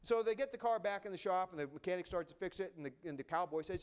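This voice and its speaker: Soft-spoken storytelling pastor, fairly high voice. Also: male voice, quick pace, clean tone. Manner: conversational, many restarts, drops to a hushed voice for emotional moments. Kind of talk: sermon storytelling.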